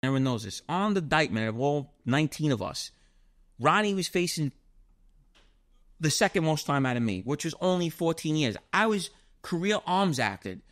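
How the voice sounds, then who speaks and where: A middle-aged man with a New York accent, telling stories as an interview guest, animated and swearing often. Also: a little high, normal speed. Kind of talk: casual storytelling.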